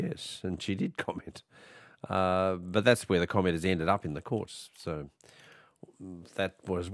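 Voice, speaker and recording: A man hosting an evening radio talk show, his voice husky and a bit hoarse, chatty and hesitant with many restarts. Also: on the low side, no echo, clean studio sound. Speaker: radio host.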